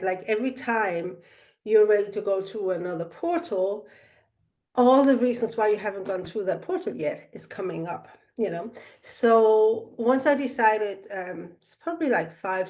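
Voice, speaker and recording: A middle-aged woman speaking softly and reflectively, telling a personal spiritual story with many pauses and fillers. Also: mid-range voice. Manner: soft-spoken, meandering, with frequent fillers.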